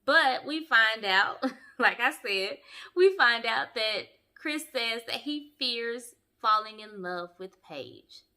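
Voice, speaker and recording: A young woman giving sassy, animated commentary as she reviews a reality show for her viewers. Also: fairly high pitch, slow. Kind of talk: casual commentary.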